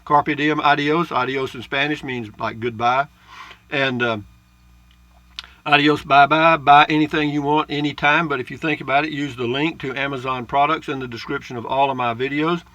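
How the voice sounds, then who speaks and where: A man's voice: medium pitch, fairly even intonation, moderate pace, bright, forceful tone, dry recording. A man chatting in a folksy, rambling way as he reads viewer comments in his travel trailer. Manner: folksy and rambling, with frequent uh's and asides. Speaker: RV vlogger. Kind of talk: casual chat reading viewer comments.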